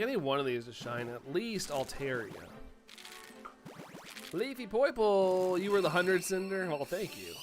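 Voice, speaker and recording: A sniffly man from the United States, live streaming from his home setup. He keeps up a loose, chatty running talk, reading out viewer messages and answering them one by one at a mid-range pitch. Soft music plays quietly behind him. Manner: chatty, reads viewer chat aloud and answers it. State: sniffly from allergies. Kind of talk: casual live-stream chat.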